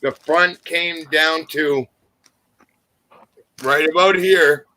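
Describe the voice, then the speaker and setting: A man in a casual group chat, telling his story in an earnest, unhurried way. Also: a little high, fairly even intonation, bright, forceful tone. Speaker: live chat panelist.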